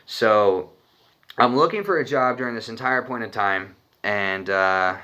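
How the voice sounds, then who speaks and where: A man's voice: on the low side, a little slow, sharp tone, slight background noise. A young man from Arizona telling a personal story in a rambling, profane, casual way. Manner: profane, rambling, laughs when nervous.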